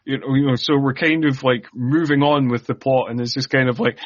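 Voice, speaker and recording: A man's voice: mid-range voice, steady tone, brisk, few pauses, dry recording. A man co-hosting a podcast, talking casually about a film in a sarcastic way and now and then acting out characters in mock voices. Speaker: podcast co-host. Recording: muffled dry podcast audio.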